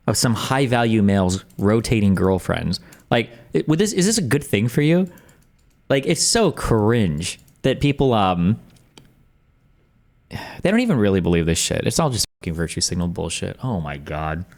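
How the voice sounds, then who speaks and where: A man's voice: on the low side, darkish tone. A man streaming and reacting to clips, rambling in a wry, sarcastic way to his chat at his desk mic. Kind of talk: casual reaction commentary.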